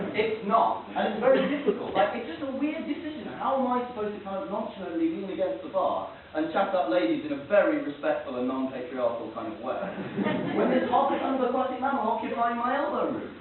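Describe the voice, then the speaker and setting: A man's voice: sits high, animated, brisk. Man doing stand-up, distant and tinny. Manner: rambling, self-mocking, bursts into shouting rants. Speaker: stand-up comedian. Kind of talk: stand-up comedy set. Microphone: camera far from the stage. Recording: distant, tinny, hissy, roomy amateur recording.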